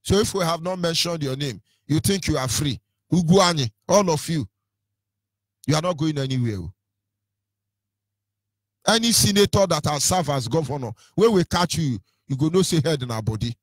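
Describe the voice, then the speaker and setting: A man's voice: a little high, animated, moderate pace, no room sound. A Nigerian-accented man presenting on radio in a combative, taunting rant, hurling insults with sing-song lilts.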